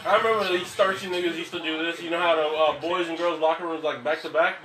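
A man's voice: on the high side, quick pace, over music. A young man telling crude stories among friends, laughing as he talks. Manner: crude, laughing, animated storytelling. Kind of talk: casual storytelling among friends. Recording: echoey room, mic far off, crowd noise.

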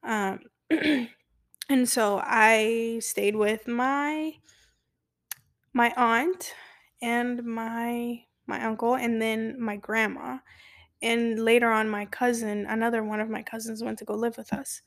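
A young woman hosting a podcast, rambling confessionally through a personal story with many fillers, soft-spoken and slipping into whispers. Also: on the high side, fairly even intonation, slow. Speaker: podcast host.

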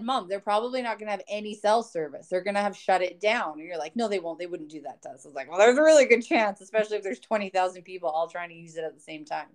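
A woman telling a travel story to her mother in casual chat, quoting others and laughing often. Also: medium pitch. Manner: animated, quotes others in acted voices, laughs often. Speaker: co-host, daughter.

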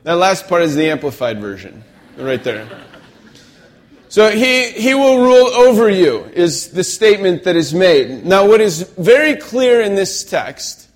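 Conversational preacher, slightly high voice. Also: male voice, sing-song, measured pace. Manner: conversational, checks in with "okay?". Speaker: pastor. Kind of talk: sermon.

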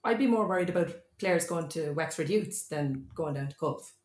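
A woman's voice: low-pitched, expressive, a little mellow, echoey room. A woman, a guest on a casual sports podcast, blunt and emphatic. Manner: blunt, emphatic, quick-fire. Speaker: club insider guest.

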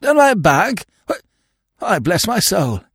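Dithering elderly earl, fluttery and flustered, read by a man, high and lively. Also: takes it slowly, husky, no echo, clean studio sound, full character voice.

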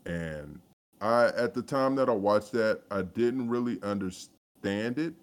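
A man's voice: lowish voice, animated, measured pace. A man co-hosting a casual podcast chat, rambling with many fillers and restarts. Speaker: podcast co-host.

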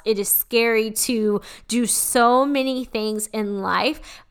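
A woman hosting a solo motivational podcast, giving an energetic, hyped-up pep talk full of swearing. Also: medium pitch, clear, resonant tone. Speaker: podcast host.

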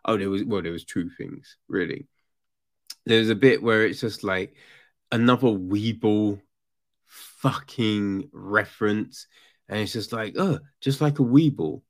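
A man's voice: on the low side, fairly even intonation, a little slow. A man giving a casual, swear-filled review, ranting with exasperation. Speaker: book reviewer.

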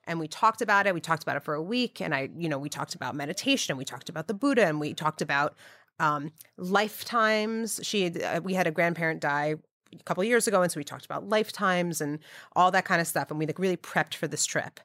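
A woman, a guest DJ telling a lively story in casual chat. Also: quick pace, no echo, studio quality. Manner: animated, acts out quotes with big pitch jumps.

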